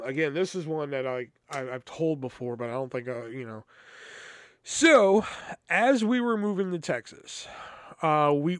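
A man's voice: a little high, dry recording, studio quality. Profane, rambling young man telling stories. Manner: rambling, profane, exasperated storytelling. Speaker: podcast host. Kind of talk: casual storytelling.

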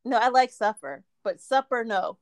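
High-voiced woman in playful chat. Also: lively intonation, normal speed, a little mellow, dry recording. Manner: laughs often, playful teasing. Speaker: podcast co-host. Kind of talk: casual chat.

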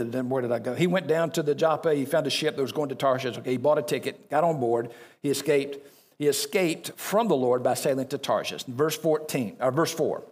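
A man's voice: on the high side, husky. A man preaching a sermon as pastor, reading scripture aloud and breaking off into conversational asides to the congregation.

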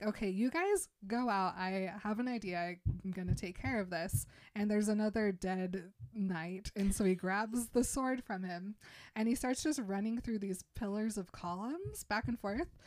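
A young woman in casual chat, retelling a film scene by scene in an animated way and quoting the characters. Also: medium pitch, no room sound. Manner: animated storytelling, quoting characters in quick voices. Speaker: podcast co-host retelling a film.

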